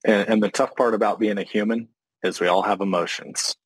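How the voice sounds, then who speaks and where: Brief: male podcast host, lowish voice, reflective, dry sound. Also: fairly even intonation, fairly quick, breathy edge, no room sound, low-quality recording. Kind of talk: casual interview talk.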